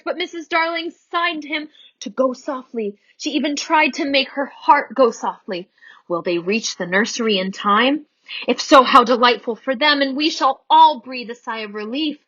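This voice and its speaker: Woman reading a kids' storybook, lively and bright, a bit husky, dull lo-fi recording. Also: sits high. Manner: animated, theatrical. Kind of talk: expressive storybook reading for children.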